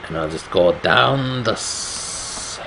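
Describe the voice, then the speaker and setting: A man with a raspy voice doing casual commentary on a horror game, reacting with swearing and startled remarks. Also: sits low, expressive, slow, background noise. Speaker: gameplay commentator.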